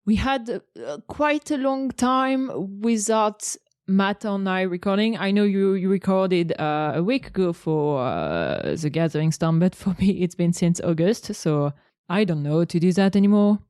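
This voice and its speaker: A woman's voice: medium pitch, lively intonation, unhurried, darkish tone, clean tone, no echo, studio quality. A woman co-hosting a podcast, chatting casually and hesitantly with many fillers. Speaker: podcast co-host. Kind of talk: casual chat.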